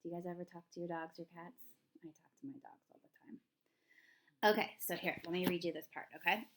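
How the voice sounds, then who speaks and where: A woman's voice: fairly low pitch, fairly even intonation, quick pace, a bit bright. A woman teaching a third-grade reading lesson, talking chattily and thinking aloud, asking her young students questions as she goes. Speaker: elementary school teacher. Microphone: recorded lesson video.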